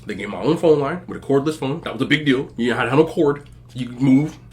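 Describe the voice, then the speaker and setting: A man in his forties telling stories to viewers in a relaxed, joking way, laughing often and using plenty of slang. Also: mid-range voice, fast. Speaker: mukbang host. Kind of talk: casual storytelling to viewers.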